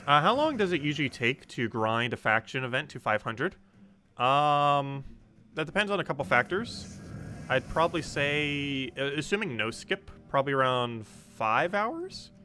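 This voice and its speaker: A man's voice: a little high, sing-song, moderate pace, pushed and bright, soft background music. A young man streaming a game, chatting casually and rambling with many ums while he plays and answers chat. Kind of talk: casual live-stream commentary while playing.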